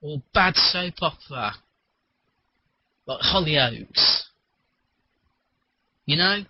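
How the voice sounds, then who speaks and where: A man talking in a rambling, animated casual chat, swearing freely, on a muffled lo-fi recording. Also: a little high, very slow, slightly rough, no echo.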